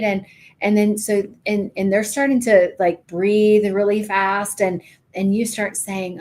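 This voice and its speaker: A woman's voice: medium pitch, flat delivery, a little slow, darkish tone. A middle-aged woman co-hosting a podcast, walking the listener through a guided imagery story and acting out its voices. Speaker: podcast co-host. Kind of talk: guided imagery exercise in casual chat.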